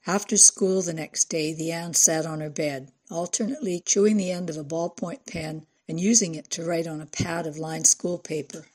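A woman reads a novel aloud in an even, steady storytelling manner. Her voice is fairly low and has a husky, breathy grain. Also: moderate pace, hardly any pauses. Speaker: audiobook narrator. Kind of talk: scripted narration.

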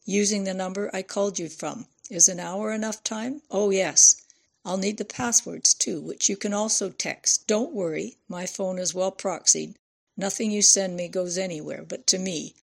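A woman voicing a shrewd older woman who gives brisk, commanding instructions, with a slight fry in her voice. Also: medium pitch. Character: shrewd older woman handing over cash.

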